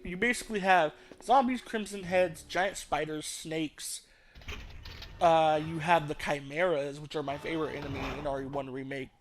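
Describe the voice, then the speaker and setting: A man's voice: on the high side, moderate pace, slight background noise. A man hosting a let's play, rambling casually and thinking aloud, with the odd swear. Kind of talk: rambling gameplay commentary.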